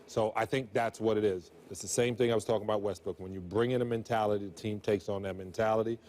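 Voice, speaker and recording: A man's voice: lowish voice, fairly even intonation, quick pace, darkish tone. Earnest middle-aged man talking sports. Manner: earnest, rambling with restarts. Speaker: sports analyst. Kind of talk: sports talk show discussion.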